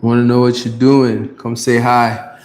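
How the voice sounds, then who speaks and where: A man's voice: medium pitch, level tone, unhurried, darkish tone, a little hiss or hum. A man from Ghana chatting live with viewers during his gym workout, greeting them by name and hyping them up. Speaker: fitness livestreamer. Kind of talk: live workout stream chat.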